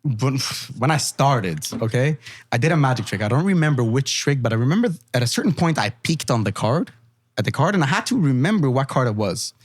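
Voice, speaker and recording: In a studio, a magician guesting on a podcast chats casually, playing out the people he quotes and laughing a lot. His voice is mid-range and he talks a little fast.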